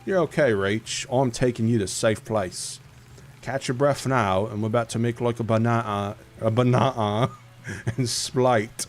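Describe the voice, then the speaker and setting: A man voicing a cocky, wisecracking male rescuer in a game, a bit higher and livelier than his own voice. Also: fairly even intonation, a little slow, close to an everyday voice. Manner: upbeat, wisecracking.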